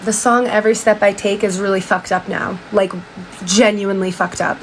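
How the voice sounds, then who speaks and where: A woman's voice: medium pitch, fairly even intonation, normal speed, low-quality recording. Young woman on her phone mic going "and she's like", chatty recap, faint room hum behind. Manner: chatty, retells dialogue with "she's like", swears. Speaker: TikTok commentator. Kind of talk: casual storytelling recap.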